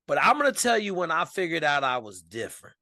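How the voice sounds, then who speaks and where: A man from Washington state, a podcast guest telling a story in casual, animated, profane speech. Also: a little high, fast, dry recording, studio quality.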